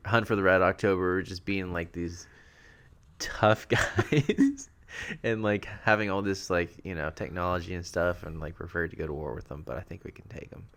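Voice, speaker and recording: A man's voice: low voice, normal speed, gravelly, a bit bright. A man co-hosting a comedy podcast, riffing in casual banter and laughing often. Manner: jokey, laughs often, riffs on news. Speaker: podcast co-host.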